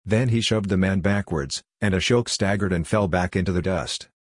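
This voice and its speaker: A man narrating an audiobook story in a steady, even way. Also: low voice, moderate pace, no room sound, studio quality.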